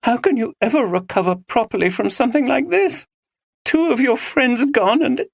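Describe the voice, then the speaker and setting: A narrator voicing a distraught young woman who is crying and pleading in a high, trembling voice. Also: lively intonation, moderate pace, vocal fry, no echo. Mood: tearful.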